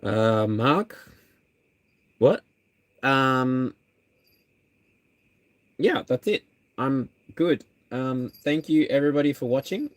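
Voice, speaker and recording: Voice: mid-range voice, animated, slow pace, long pauses, no room sound. Earnest live stream reader. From Australia. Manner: earnest and candid, rambling, frequent restarts and ums. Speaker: tarot energy reader, live stream host. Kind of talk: casual live stream chat.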